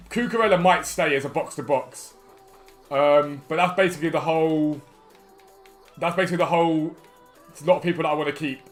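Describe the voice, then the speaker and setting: A man chatting live on a game stream, upbeat and greeting viewers one by one. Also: a little high. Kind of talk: live stream chat over gameplay.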